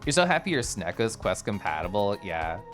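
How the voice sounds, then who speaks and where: A man streaming live, chatting casually with his viewers and reading their messages in an animated, giggly way with playful swings in his voice. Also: on the low side, brisk, faint music behind.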